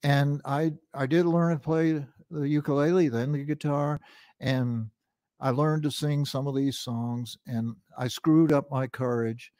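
An older singer-songwriter reminiscing about his early days, reflective and halting, often restarting his sentences. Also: a little high, fairly even intonation, darkish tone, no room sound, clean studio sound. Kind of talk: reminiscing storytelling.

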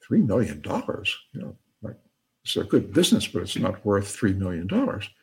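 A man voicing an anxious shopkeeper, hesitant and pleading, with a husky voice. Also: lowish voice, huge pitch swings, normal speed, exaggerated voice. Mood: nervous. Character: anxious ordinary male shopkeeper, easily bossed around.

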